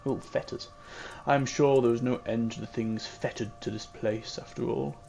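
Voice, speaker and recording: A man doing an eccentric old gentleman. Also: mid-range voice, fairly even intonation, normal speed, creaky, soft background music, natural voice. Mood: enthused.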